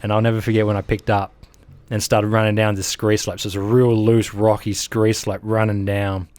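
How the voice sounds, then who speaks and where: A man's voice: fairly low pitch, moderate pace, dry recording. Australian army veteran man, dry close sound. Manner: animated, acts out sounds and quotes, laughs through the telling. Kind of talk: interview storytelling.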